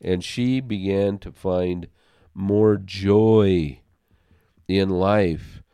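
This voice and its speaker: A man's voice: sits low, drawn-out words, mellow, clean tone, no room sound. A man in a casual faith discussion, telling a personal story in an earnest way and often repeating words as he starts a sentence.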